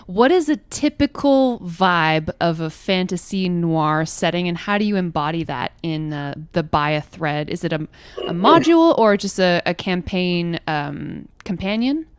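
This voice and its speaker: A woman co-hosting a show, asking friendly, measured questions. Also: fairly low pitch, animated, clean tone, dry recording. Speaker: co-host. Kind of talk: casual show chat.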